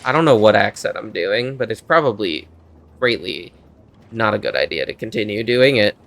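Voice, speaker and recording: A man's voice: lowish voice, lively intonation, moderate pace, vocal fry, fairly bright tone. A man streaming a video game, giving casual joking, offhand commentary.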